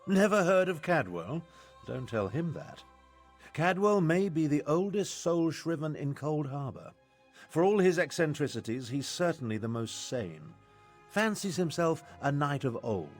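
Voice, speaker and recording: A pompous old imperial mage. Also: male voice, a little high, sing-song, unhurried, soft background music. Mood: lecturing. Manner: self-important, lecturing. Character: pompous aging male imperial battle mage.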